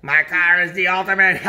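A man voicing a boastful, cackling male villain who gloats in a low voice. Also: creaky, pushed and bright, heavily acted.

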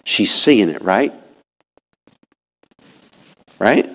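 A man preaching a sermon in church in a folksy, animated way, often asking the congregation questions. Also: on the low side, normal speed, pauses often. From rural upbringing. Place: church sanctuary.

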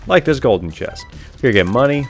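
A man's voice: mid-range voice, lively intonation, fast, soft background music. A young man casually commenting on his own gameplay, rambling, correcting himself and laughing often, on a headset mic. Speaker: gaming video host.

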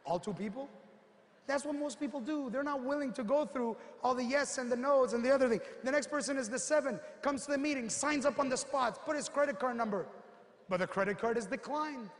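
A man giving an animated motivational seminar talk, telling stories and acting out the people in them. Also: extremely high pitch, a little fast, big-room sound. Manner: animated storyteller, acts out quotes, punchy asides. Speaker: motivational speaker.

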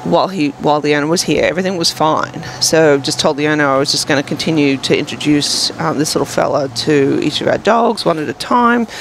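A woman's voice: deep voice, fairly quick, vocal fry, few pauses, slight background noise, poor audio. A woman co-hosting a podcast, telling a long rambling story in casual chat with many fillers. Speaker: podcast co-host.

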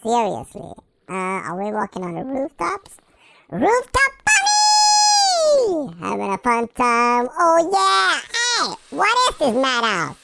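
Chipmunk pitch-shifted voice, let's play gamer, goofy, excitable, very lively pitch, noisy recording. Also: unhurried, creaky. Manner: goofy and excitable, silly sound effects and nonsense chatter.

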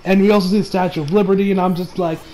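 A man's voice: sits high, very fast, a little hiss or hum. Rambling young man reviewing anime. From United States. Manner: rambling, lots of fillers and "you know"; laughs a lot, excitable. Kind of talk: casual video review.

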